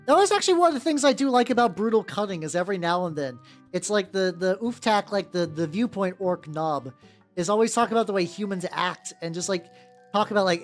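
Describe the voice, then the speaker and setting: A woman with a gentle, relaxing voice chatting casually on a stream while painting miniatures, rambling with lots of restarts and casual swearing. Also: mid-range voice, expressive, fairly quick. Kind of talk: casual chat. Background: faint background music.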